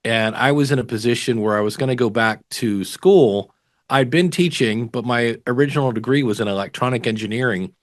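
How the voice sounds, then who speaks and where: Middle-aged man, animated storyteller, dry sound. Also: medium pitch, brisk, dry recording. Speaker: podcast guest, podcasting teacher. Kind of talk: casual interview chat.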